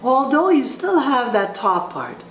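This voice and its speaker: This voice teacher sits high, her pitch swooping wildly as she talks through vocal placement and breaks into sung examples. She goes slowly, halting and restarting sentences often, in a roomy, echoing space with faint ambient noise behind her.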